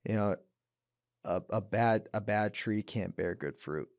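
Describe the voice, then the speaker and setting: A man with a low-pitched voice speaks earnestly as a podcast guest. He tells his story in a candid, searching way and often doubles back on his words. The sound is close and dry. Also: measured pace, darkish tone, smooth, no room sound. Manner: earnest, repeats words, acts out voices when quoting people. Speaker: podcast guest, professional fighter. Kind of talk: candid interview talk.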